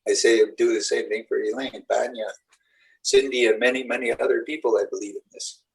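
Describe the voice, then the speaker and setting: A man's voice: medium pitch, fairly even intonation, a little fast, creaky, far from the mic, rough recording. A middle-aged man, a shaman and spiritual teacher, giving a rambling, earnest talk to a live group. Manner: rambling, earnest storytelling with acted-out quotes.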